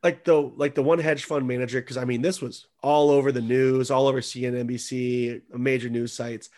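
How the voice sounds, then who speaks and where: A man in casual chat, animated and mocking, swearing freely. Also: mid-range voice, a little fast.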